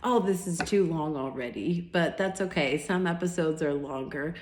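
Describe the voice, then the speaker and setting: A woman's voice: low voice, moderate pace, echoey room, slight background noise. A woman vlogger casually recounting a recent date, acting out both sides of the conversation with lots of fillers and restarts. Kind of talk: casual storytelling monologue.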